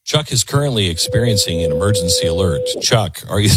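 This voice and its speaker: A man hosting a call-in radio talk show, earnest and halting, often repeating his words. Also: low voice, lively intonation, very noisy.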